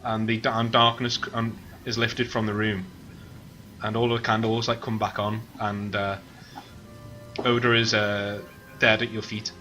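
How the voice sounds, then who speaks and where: A man running an online tabletop game as game master, narrating haltingly with many fillers and the odd curse. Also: on the low side, little pitch movement, sharp tone, faint music behind. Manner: halting, full of fillers and swearing.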